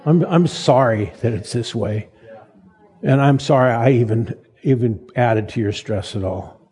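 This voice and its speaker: A man in his seventies preaching a sermon in a folksy, halting way, repeating words as he tells stories. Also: medium pitch, a little mellow. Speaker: pastor. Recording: long reverb of a large hall.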